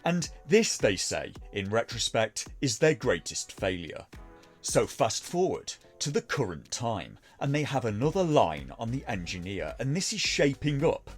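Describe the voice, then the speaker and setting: A man's voice: mid-range voice, big pitch swings, a little slow, faint music behind. A man reviewing a TV episode in a dry, sarcastic, mocking way.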